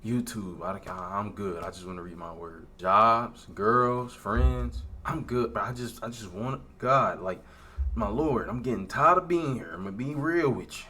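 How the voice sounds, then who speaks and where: A young man giving an earnest, emotional, halting confessional talk in a vlog. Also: lowish voice, sharp tone, breathy edge. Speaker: faith vlogger.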